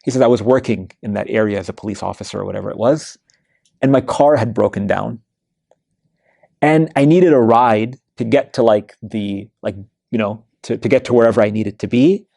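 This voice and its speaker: A man with a gravelly, dark voice gives a weekly religious study lecture. He tells stories conversationally, filling gaps with fillers and restarts, and the sound is close and dry. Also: on the low side, normal speed, no echo. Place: mosque lecture hall.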